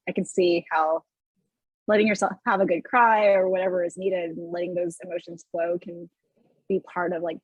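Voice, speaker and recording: A woman guest on a podcast, talking in a thoughtful, supportive, measured way. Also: fairly low pitch, breathy edge, no echo, highs cut off. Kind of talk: casual chat.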